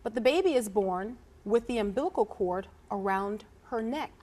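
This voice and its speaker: A woman co-hosting a casual chat about news headlines, animated and laughing often. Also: medium pitch, normal speed. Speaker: co-host.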